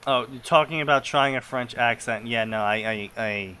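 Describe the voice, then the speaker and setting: A man's voice: medium pitch, normal speed, bright, forceful tone, a little hiss or hum. A young man casually reading fanfiction aloud and commenting, rambling, laughing and swearing.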